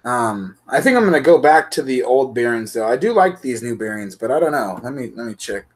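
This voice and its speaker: A man's voice: medium pitch, lively intonation, brisk. A man hosting an RC hobby show, chatting casually and goofily with his live-stream viewers. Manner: goofy, laughing, chatty with viewers.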